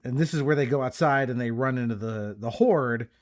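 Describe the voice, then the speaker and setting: A man's voice: mid-range voice, a little fast. Laid-back man recapping a movie. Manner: relaxed recapping, many fillers. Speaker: podcast guest. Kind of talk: casual movie discussion.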